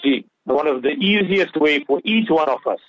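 A man's voice: fairly high pitch, animated, moderate pace, fairly bright tone, no echo. A man giving impassioned Islamic advice on a radio talk show, mixing English with Urdu and Arabic phrases. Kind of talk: earnest religious talk on radio. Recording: dull lo-fi radio audio.

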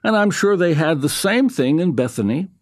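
A man with a South African accent teaches the Bible on the radio in a chatty way, with rhetorical questions and repeated phrases. His voice sits on the higher side and swings widely in pitch. The recording is close and dry. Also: lively intonation, moderate pace, dry recording. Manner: conversational, rhetorical questions, emphatic repetition.

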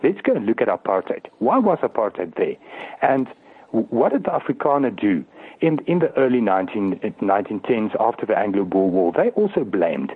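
A man's voice: on the low side, very animated, brisk, slightly rough. A man in his thirties from South Africa, a politician arguing his point earnestly on a radio call, repeating words as he goes. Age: 30s. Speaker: politician, guest. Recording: tinny phone line.

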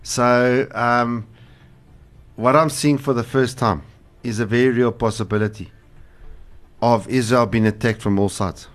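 A man's voice: mid-range voice, fairly even intonation, unhurried. A man, a pastor co-hosting a casual religious talk show, earnest and rambling with fillers. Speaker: pastor and co-host.

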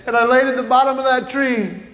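High-voiced male comedian on stage. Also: fairly quick. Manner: animated, exaggerated storytelling with acted-out reactions. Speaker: stand-up comedian. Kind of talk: stand-up storytelling. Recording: long hall reverb, faint background noise.

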